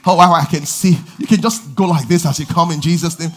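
A man preaching a lively sermon, shouting call-and-response lines and laughing between stories. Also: a little high, a little fast. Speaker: pastor.

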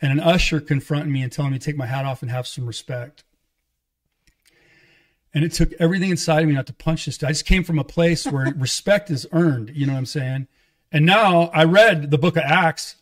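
A middle-aged man, an evangelist, telling his life story in casual conversation, animated and acting out quoted dialogue. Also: fairly high pitch. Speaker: guest, evangelist and pastor.

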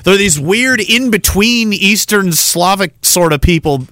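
A man's voice: high voice, animated, measured pace, few pauses, pushed and bright, no room sound, clean studio sound. Sarcastic, swearing man ranting. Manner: sarcastic, heavy swearing, mocking asides. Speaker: podcast host. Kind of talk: profane solo rant, reading viewer comments.

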